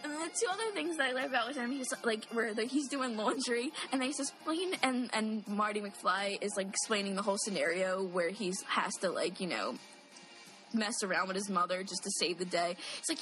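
Woman, casual chat, giggly, animated, very bright voice, faint music. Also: mid-range voice, fairly quick. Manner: giggly, animated, acts out movie lines. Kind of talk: casual chat about a movie.

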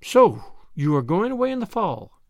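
A man's voice: high-pitched, big pitch swings, moderate pace, darkish tone, no room sound, studio quality. A man reading aloud as a wistful, romantic middle-aged woman who talks in a sighing, dramatic way in an audiobook.

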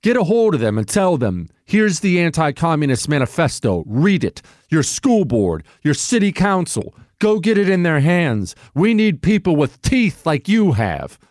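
A man hosts his own political radio show, driving a fiery monologue with plenty of emphasis. He slips now and then into mocking voices. His voice sits a little high for a man and is recorded close and dry in the studio. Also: very animated, normal speed, few pauses, darkish tone, dry recording. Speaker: radio talk show host.

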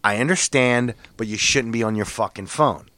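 Guy ranting a cussing traffic story, voice goes up loud doing the other drivers, dry mic. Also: normal speed, dry recording. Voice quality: gets loud and high when quoting other drivers. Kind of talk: profane storytelling chat.

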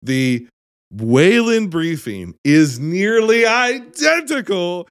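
A man in a casual movie review chat, speaking with a very lively, swooping pitch. He swears freely, laughs often and hits his points hard. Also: slow. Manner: animated, profane, laughing, emphatic. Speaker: podcast co-host.

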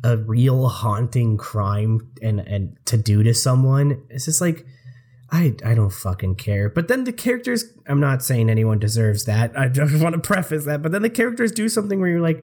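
A man's voice: mid-range voice, sing-song, moderate pace, darkish tone. A man co-hosting a podcast, swearing freely and exasperated, laughing often as he talks about a movie. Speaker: podcast co-host. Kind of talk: casual movie discussion.

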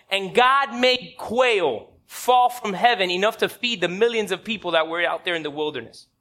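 A pastor preaches a sermon in church, telling stories with emphasis and putting direct questions to the congregation. His voice is high-pitched with a sharp tone.

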